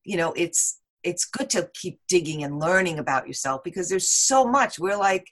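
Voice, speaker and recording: A woman guest on a podcast, talking in an animated, rambling way with many "like" and "you know" fillers. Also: fairly low pitch, moderate pace. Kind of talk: casual interview chat.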